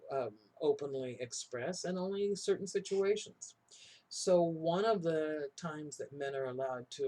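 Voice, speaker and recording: A man's voice: on the high side, a little mellow. Man giving a chatty lecture. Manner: talks in tag questions, acts out quoted voices. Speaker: college instructor. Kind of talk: recorded lecture, conversational.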